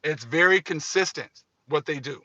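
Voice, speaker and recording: A man's voice: fairly high pitch, moderate pace, bright, forceful tone, dry recording, dull audio. A man hosting religious commentary, speaking emphatically and repeating his points. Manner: emphatic, repetitive. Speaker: host.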